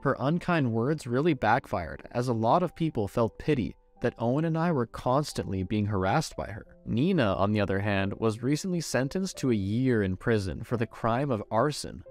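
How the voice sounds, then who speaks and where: A man's voice: medium pitch, normal speed, few pauses, faint music behind. A man reading a romance story aloud as first-person scripted narration. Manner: expressive storytelling.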